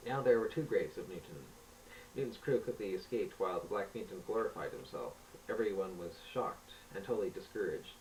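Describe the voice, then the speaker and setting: Give me a man narrating a homemade story, low-pitched, recorded at a distance. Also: expressive, a little fast, slight background noise. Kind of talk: reading a homemade adventure story aloud.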